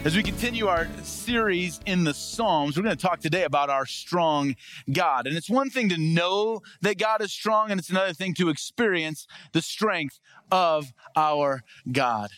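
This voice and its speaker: A male pastor preaching a casual sermon, telling stories and acting out the quoted lines with lively energy. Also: high-pitched, moderate pace, no room sound, faint music behind. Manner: storytelling with lively acted-out quotes.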